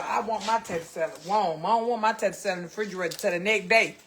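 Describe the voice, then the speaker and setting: A woman's voice: mid-range voice, lively intonation, rapid-fire, few pauses, fairly bright tone, slight background noise. A Southern American woman hosting a casual cooking livestream, chatting folksily with her viewers and calling them baby and child.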